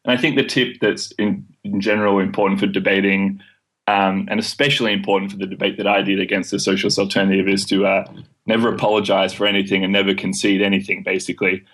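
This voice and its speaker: A man's voice: low-pitched, flat delivery, quick pace, fairly bright tone. A man in his twenties with an Australian accent, answering interview questions confidently, with frequent ums. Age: 20s. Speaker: guest, student debater.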